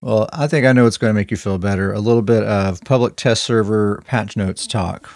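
A man's voice: lowish voice, a little fast, a little mellow, no echo. Upbeat male podcast host, dry sound. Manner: upbeat, explains game patch details. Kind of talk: casual gaming podcast chat.

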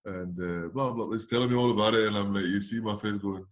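A man's voice: fairly low pitch, fast talker. A man, a former footballer, casually telling an anecdote and acting out the dialogue with laughs. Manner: animated, acts out dialogue with laughs.

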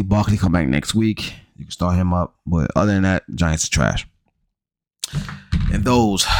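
A man with a very deep voice runs through a loose, unscripted recap as the host of his own show. He talks in slang and curses freely, calling his listeners bro. The sound is close and dry, with no room around it. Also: gravelly, no echo. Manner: slangy, profane, rambling, addresses listeners as bro. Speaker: fantasy football show host. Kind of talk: casual recap monologue.

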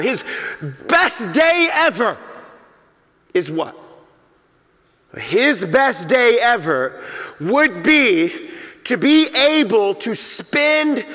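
A man with a strikingly high, bright voice preaches a sermon in a church, taking his time over every phrase. He leans on repetition and emphasis. The room carries a long, hall-like reverb. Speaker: pastor. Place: church sanctuary.

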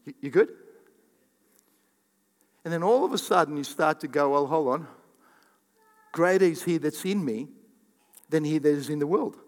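A man preaching a sermon as a pastor, animated and repetitive, acting out the voices he quotes. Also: a little high, normal speed, long pauses, long reverb tail. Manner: animated, acts out quoted voices, repeats for emphasis. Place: church hall.

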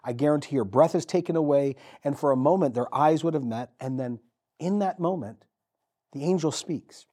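A man preaching a sermon as pastor, telling the story vividly with dramatic pauses and repetition. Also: fairly high pitch, dark tone.

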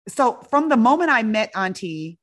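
Woman telling a lively story. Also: on the high side, moderate pace. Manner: animated, laughs often. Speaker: guest storyteller. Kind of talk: casual storytelling.

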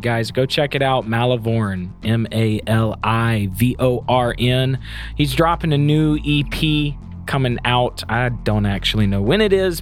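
A man, hosting a podcast in relaxed, laughing banter. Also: mid-range voice. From US South. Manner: laid-back, laughing, bantering. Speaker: podcast host. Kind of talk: casual podcast chat.

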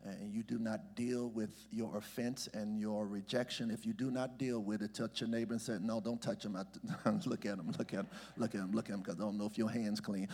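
A man's voice: on the low side, level tone, brisk, few pauses, darkish tone, slightly rough. A man, a senior pastor, preaching a sermon and reading scripture, having the congregation repeat words after him. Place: church sanctuary. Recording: reverberant church hall with music behind.

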